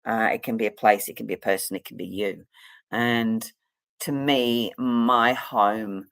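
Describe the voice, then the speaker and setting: A woman's voice: rumbling low, fairly even intonation, a little slow, no room sound. A middle-aged woman, a psychic and counselor, talking in a rambling, casual vlog chat full of fillers and restarts.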